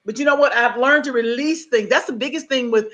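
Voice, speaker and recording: A middle-aged woman speaking as a guest on leadership, emphatic and animated, acting out bits of dialogue as she teaches. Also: a little high, fairly quick. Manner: emphatic, acts out quoted dialogue.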